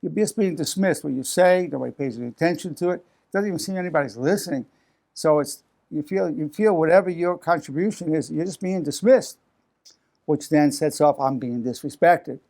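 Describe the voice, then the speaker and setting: An older man in his eighties gives a psychology lesson with a gravelly, somewhat high voice. He talks freely, restarting and repeating words. He lifts his voice to act out how people sound when they feel defensive. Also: a little fast. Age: 80s. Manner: animated, acts out defensive quotes with raised voice. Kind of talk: unscripted talk to camera.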